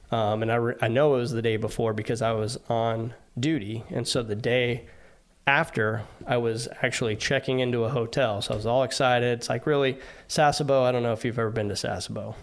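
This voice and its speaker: Man guest recounting navy deployments, mid-pitched, loose and rambling. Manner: rambling, many fillers and restarts. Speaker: guest, former navy aviation sailor. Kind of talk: casual interview storytelling.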